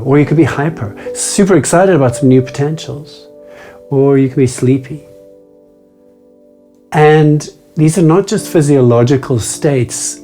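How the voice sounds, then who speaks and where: A man hosting a meditation video, talking casually to the camera, playful and self-mocking, moving between quick chatter and slow, deliberate phrasing. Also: medium pitch, warm tone.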